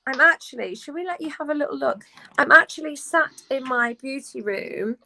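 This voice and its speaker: Chatty actress on a video call. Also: female voice, high voice, moderate pace, gravelly, low-quality recording. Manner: lively, candid, chatty. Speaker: guest, actress. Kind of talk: casual live chat. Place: her beauty room at home.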